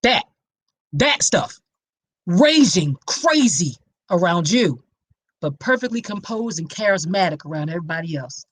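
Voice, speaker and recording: A woman hosts a podcast, delivering an impassioned awareness talk straight to her listeners in a preachy, emphatic manner. Her voice is lowish, husky and expressive, moving at a normal pace, and the recording sounds dry and close.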